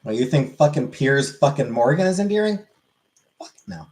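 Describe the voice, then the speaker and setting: A man's voice: mid-range voice, expressive, brisk, darkish tone, low-quality recording. A man on a live stream, casually answering questions from chat and swearing freely.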